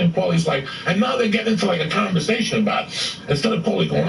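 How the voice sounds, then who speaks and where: A man telling a story with profane, excitable energy, acting out what people said. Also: fairly high pitch, very fast, gravelly, a little hiss or hum. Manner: profane, excitable, acts out quotes. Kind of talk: animated storytelling. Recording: roomy echo from a distant mic.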